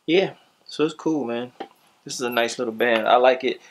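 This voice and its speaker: Guy doing a chill gadget review vlog, slangy, talks right to viewers, mid pitch. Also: normal speed, slight background noise. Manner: laid-back, slangy talk to viewers; upbeat, louder sign-off. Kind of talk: casual product review vlog.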